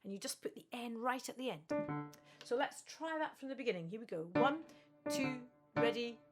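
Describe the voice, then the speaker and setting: A woman with a Scottish accent leading a call-and-response singing lesson, encouraging and speaking slowly and clearly between sung phrases. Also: a little high, animated, loud music behind the voice. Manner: encouraging, slow and clear, sings sung examples. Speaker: music teacher.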